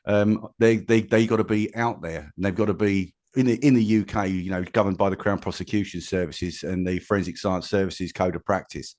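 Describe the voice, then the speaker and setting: A plain-spoken man from England who tells things straight in a lower voice. He stumbles and restarts often as he talks through his invention and past. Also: steady tone, brisk, few pauses, darkish tone. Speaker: inventor guest. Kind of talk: casual interview chat.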